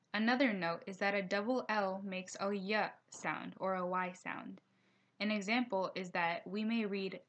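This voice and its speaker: Woman narrating a slideshow lesson. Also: medium pitch. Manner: reads slides aloud at a steady pace, with careful slowed pronunciation notes. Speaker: teacher.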